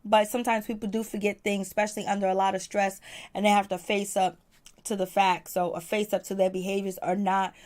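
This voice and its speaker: A woman reviews a TV episode in casual commentary, full of fillers and repeating phrases for emphasis. Her medium-pitched voice is level and darkish, running a little fast.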